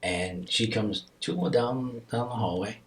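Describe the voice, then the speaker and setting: A middle-aged man telling a deeply personal story as a podcast guest, halting and repeating himself as his voice rises and falls with emotion. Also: expressive, low-quality recording.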